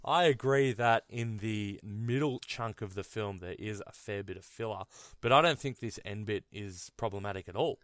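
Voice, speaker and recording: A young adult Australian man co-hosting a casual film podcast, defending his views in a relaxed, teasing way. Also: on the low side, moderate pace, few pauses, dry recording, studio quality. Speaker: podcast co-host.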